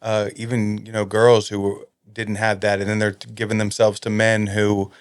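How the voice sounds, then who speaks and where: A man hosting a podcast, casually chatting and affirming his guest with quick agreement. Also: fairly low pitch, monotone, smooth, dry recording, clean studio sound. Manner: affirming listener, frequent "yeah" and "that's good". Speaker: podcast host.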